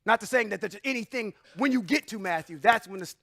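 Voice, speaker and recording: A man's voice: high-pitched, fast, gravelly, a bit bright, no room sound, clean studio sound. A man giving an informal Bible teaching, emphatic and full of rhetorical questions, chuckling often and saying "y'all". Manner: informal, says y'all and come on now. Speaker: religious teacher.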